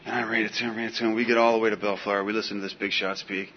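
A man telling a personal story in casual, animated speech, full of "dude" and "man". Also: fairly low pitch, very fast. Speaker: guest telling his recovery story. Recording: dull lo-fi recording with faint hiss.

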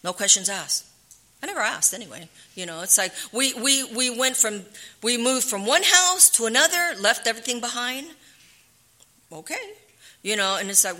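A middle-aged woman telling her own recovery story in a candid, halting way, often dropping to a hushed whisper. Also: a little high, lively intonation. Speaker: recovery speaker. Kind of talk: personal testimony.

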